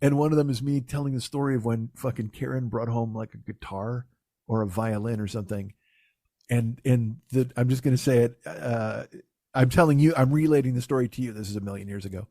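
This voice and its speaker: A man's voice: mid-range voice, brisk, dark tone, no room sound, clean studio sound. A middle-aged man hosting a comedy podcast, talking in a profane, self-mocking way and acting out voices when he quotes people. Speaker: podcast host. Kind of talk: casual comedy podcast banter.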